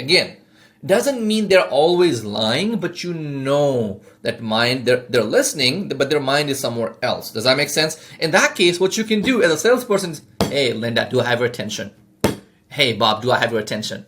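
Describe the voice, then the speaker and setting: A man teaching sales in a lively, slightly high voice that swoops up and down. He rushes through his points, stacking fillers and tagging nearly every sentence with "okay?" or "does that make sense?". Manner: rapid, animated, lots of fillers and check-ins like "okay?". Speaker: sales trainer. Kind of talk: informal teaching talk.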